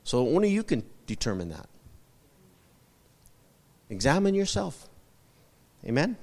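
A man's voice: on the high side, big pitch swings, a little slow, big-room sound. A male pastor preaching a sermon, repeating short emphatic phrases and asking the congregation for amens.

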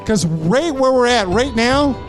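A man's voice: very high voice, animated, measured pace, faint music behind. A male pastor preaching with fervent, repeated exhortations during a church service. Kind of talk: sermon.

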